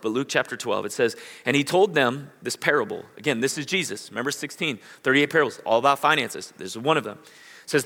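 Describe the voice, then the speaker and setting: A man's voice: mid-range voice, bright, forceful tone. A man preaching a sermon as pastor, reading scripture and building to emphatic bursts. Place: church sanctuary. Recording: long hall reverb.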